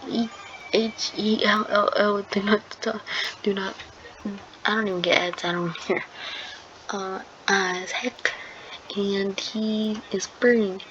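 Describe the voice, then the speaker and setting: A woman improvising a fan-fiction story, rambling and hesitant with many fillers and restarts. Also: medium pitch. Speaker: channel host telling a fan story. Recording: dull lo-fi sound with clear background noise.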